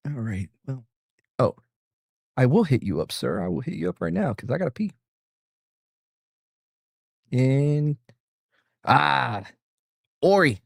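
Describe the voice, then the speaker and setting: A man hosting a casual stream, rambling and joking as he reacts to a video. His voice rises and falls a lot, sitting at an everyday middle pitch. The sound is dry and close. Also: big pitch swings, slow, vocal fry, pauses often, no room sound. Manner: rambling, joking, chuckles often. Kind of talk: casual chat.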